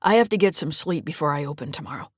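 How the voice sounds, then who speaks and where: A woman voicing a tired male worker who speaks in a brisk, offhand way. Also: sits low, expressive, breathy edge, dry recording, clean studio sound.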